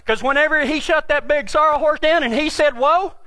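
A man's voice: very high-pitched, steady tone, a little fast, pushed and bright, dry recording. A man from Texas with a Texan accent, telling a funny, folksy, self-mocking story about himself. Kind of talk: humorous storytelling.

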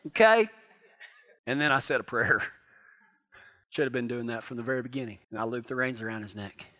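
Bright, high-voiced folksy cowboy preacher. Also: male voice. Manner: folksy, drawling, swings between hushed and loud. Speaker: cowboy church pastor. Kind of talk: sermon with folksy ranch storytelling.

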